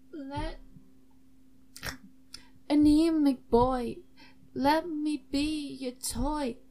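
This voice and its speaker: An earnest, awkward bard who speaks hesitantly and croons long, drawn-out lines, as a woman puts him on. The voice sits a little high and is soft and mellow. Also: a little hiss or hum. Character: earnest awkward bard singing a silly love song.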